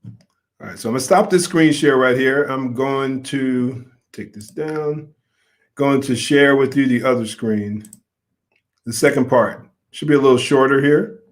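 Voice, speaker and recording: A man's voice: mid-range voice, measured pace. Earnest man giving video commentary. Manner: earnest, gets worked up and emphatic. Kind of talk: casual commentary.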